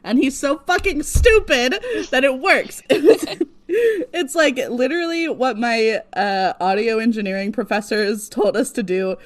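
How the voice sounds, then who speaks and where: A woman co-hosting a podcast, recapping casually in an animated way that keeps breaking into laughter and acting out characters' lines. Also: fairly high pitch, a little slow. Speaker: podcast co-host.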